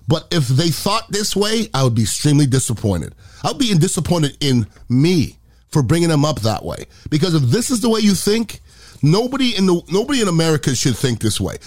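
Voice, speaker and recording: A man's voice: a little high, sing-song, a little fast, dry recording, studio quality. A middle-aged man hosting a podcast, giving a blunt, impassioned opinion monologue. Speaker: podcast host.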